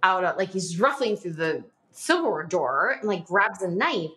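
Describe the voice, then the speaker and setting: A woman in her forties, a guest on a podcast, tells her story in a loose, chatty way. Her pitch swings up and down a lot, and she fills her phrases with "like" and small nervous laughs. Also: expressive, moderate pace, sharp tone. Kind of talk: personal storytelling in a podcast interview.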